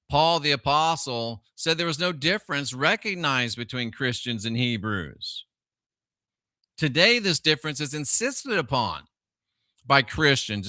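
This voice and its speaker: A middle-aged man hosting a live stream, his voice very bright and sharp. He keeps asking rhetorical questions and greets viewers by name. The sound is dry and close, with no room echo. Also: mid-range voice, clean tone. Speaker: livestream host.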